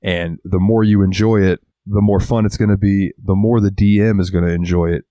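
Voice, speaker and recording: A man's voice: low-pitched, fairly even intonation, fairly quick, warm tone, no echo. A man co-hosting a casual podcast, rambling and swearing freely, acting out little quotes as he talks. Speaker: podcast co-host. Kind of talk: casual chat.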